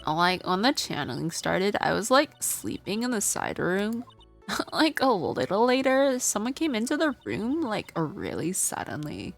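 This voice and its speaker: A woman's voice: mid-range voice, big pitch swings, unhurried, gravelly, soft background music, voice pushed up, heavily acted. A woman voicing a ditzy young valley-girl witness in a video game, speaking with a Valley Girl accent and filling every phrase with "like.". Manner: says "like" constantly, hesitant. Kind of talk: reading game dialogue aloud.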